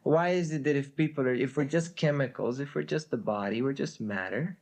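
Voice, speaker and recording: A man's voice: mid-range voice, a little fast, darkish tone. A man teaching a spiritual lecture with a story, hesitant with many fillers and a wry humor.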